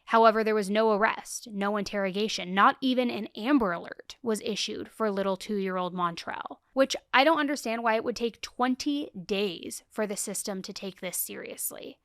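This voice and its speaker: A woman's voice: mid-range voice, moderate pace, hardly any pauses, no echo, studio quality. A young woman hosting a true crime podcast, recounting cases in a casual, emphatic way with indignant asides.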